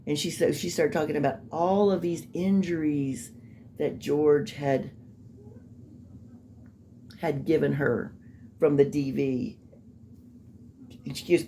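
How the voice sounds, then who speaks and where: Low-voiced woman giving skeptical commentary. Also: fairly even intonation, unhurried, pauses often, dark tone, slight background noise. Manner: skeptical, rambling, mocking asides. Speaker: true-crime commentator. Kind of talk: casual commentary.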